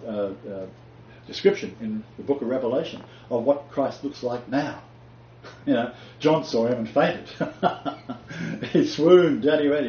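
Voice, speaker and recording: A man's voice: on the high side, warm tone. A man leading a casual bible discussion, talking in an emphatic, preacherly way with frequent laughter. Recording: roomy, dull lo-fi recording with faint noise.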